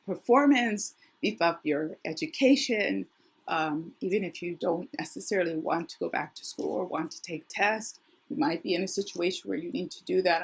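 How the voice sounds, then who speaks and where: Middle-aged female tarot reader, low husky worn voice, chatty and rambling. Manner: chatty, thinks aloud, frequent restarts. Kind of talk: casual tarot reading to camera.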